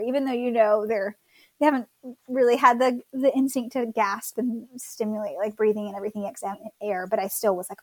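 A woman's voice: fairly high pitch, fairly even intonation, fairly quick, no echo. Chatty woman telling a birth story. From Florida. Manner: chatty, many fillers and likes, warm storytelling. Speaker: guest mother telling her birth story. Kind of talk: casual conversational storytelling.

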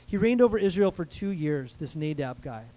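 Male American pastor, light high voice, casual preaching style with audience call-and-response. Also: lively intonation, normal speed, dark tone, rough recording. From United States. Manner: conversational preaching, asks the crowd for amens. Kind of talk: sermon.

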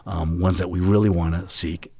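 A middle-aged man from California telling a personal faith story in a casual group chat, animated and talking with his hands. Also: low voice, normal speed, dry recording. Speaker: church member sharing a testimony.

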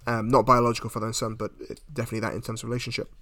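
A man talks through a film's plot in a loose, chatty way, often restarting his sentences. His voice sits at an everyday middle pitch. The recording is dry and close, with no room sound. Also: little pitch movement, racing, pushed and bright, no room sound. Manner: retells plot at length with many restarts. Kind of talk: casual film discussion.

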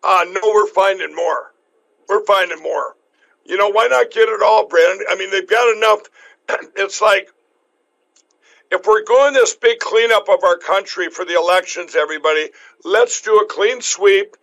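Man, talk show host, high voice, hoarse, rambling, emphatic, lots of restarts. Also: moderate pace, a bit bright, low-quality recording. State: losing his voice. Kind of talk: casual talk show chat.

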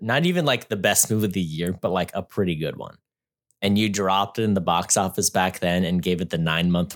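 A man co-hosting a podcast, giving his movie take with wry, dry teasing. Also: low-pitched. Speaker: podcast co-host. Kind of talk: casual movie review chat.

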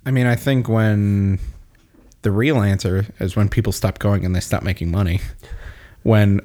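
Chatty low-voiced man talking movies. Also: fairly even intonation, normal speed, warm tone. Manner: opinionated, chatty movie fan. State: hiccuping. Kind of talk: casual chat.

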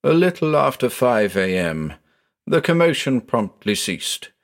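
A man giving a measured, dramatic reading of a first-person detective story. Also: medium pitch, sing-song. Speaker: narrator. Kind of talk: storybook narration.

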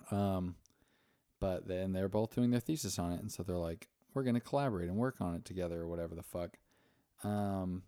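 A young man hosts a podcast, recapping a film in a loose, rambling way, full of swearing and acted-out lines. His voice sits low, and the recording is dry and close. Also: dark tone, smooth, dry recording. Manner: profane, rambling, acts out characters' lines. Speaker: podcast host. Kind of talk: casual chat, movie recap.

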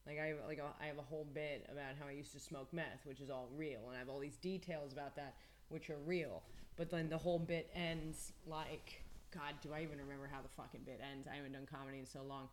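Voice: medium pitch, fairly even intonation, fast talker, a little hiss or hum. A comedian and podcast co-host in casual chat, teasing and rambling with many restarts.

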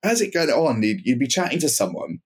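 A man's voice: mid-range voice, very animated, a little fast, breathy edge. A man telling a long story as a podcast guest, rambling with many fillers and restarts. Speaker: podcast guest, club night owner. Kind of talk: casual anecdotal storytelling.

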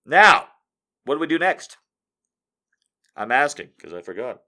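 Animated, bright-voiced ranting man. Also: a little high, a little slow. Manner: animated, swearing, jumping between loud and quiet. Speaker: streamer. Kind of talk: casual profane ranting to an audience.

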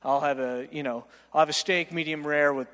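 High-voiced preacher telling stories in a hall. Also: male voice, fairly quick. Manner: animated, self-mocking storyteller, keeps asking "right?". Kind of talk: storytelling sermon. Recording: long reverb of a large hall.

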